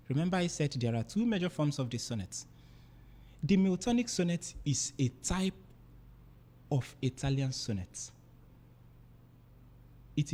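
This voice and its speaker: A man's voice: medium pitch, warm tone. A man teaching a literature lesson, explaining step by step and repeating and rephrasing his points. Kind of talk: explanatory lecture.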